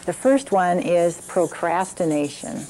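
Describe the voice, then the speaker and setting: A woman's voice: on the low side, animated, a little slow, mellow, slight background noise, low-quality recording. An older woman leading an evening parenting class, telling stories and examples with frequent fillers.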